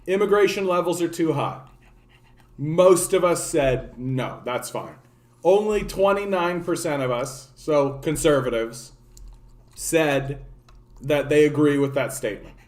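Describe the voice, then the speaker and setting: A man with a slightly raised pitch chats his way through political commentary on a livestream. He rambles, swears casually and keeps restarting his sentences, with "like" scattered through everything. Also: unhurried, a little mellow. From Canada. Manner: rambling, profane, many "like" fillers and restarts. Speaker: political streamer.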